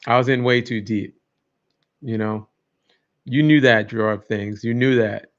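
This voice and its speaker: A man's voice: medium pitch, steady tone, measured pace. A man hosting a casual livestream, rambling and joking as he chats with viewers. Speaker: livestream host. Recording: dull lo-fi stream audio.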